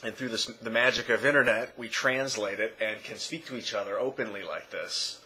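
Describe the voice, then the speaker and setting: A man talking casually to his camera in a rambling way, correcting himself and often trailing off quietly. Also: lowish voice, slightly rough, low-quality recording. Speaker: vlogger. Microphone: camera mic.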